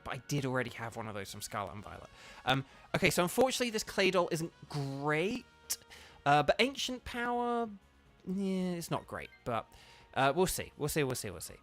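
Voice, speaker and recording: A man talks through a game on a live stream in a loose, chatty way, full of ums and quick excited bursts. His voice sits a little high. Faint game music plays underneath. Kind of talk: casual live gameplay commentary.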